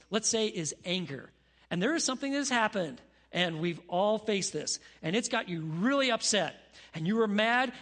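Animated husky male preacher. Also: high-pitched, in a large hall. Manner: animated, drops to a hushed voice for prayers. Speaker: pastor. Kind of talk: sermon.

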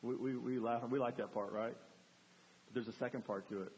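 A man preaching a sermon as a pastor, animated, acting out cries for help to make his point. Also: mid-range voice, a little fast, slight background noise. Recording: long hall reverb.

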